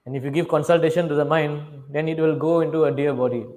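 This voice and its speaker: A middle-aged man preaching a scripture class in a fairly high voice. He tells the story with energy, acts out what each character says and keeps turning to the audience with questions. His English is fluent but not native. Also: quick pace. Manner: animated storyteller, asks the audience questions, acts out quoted dialogue; non-native English phrasing. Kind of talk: sermon, storytelling.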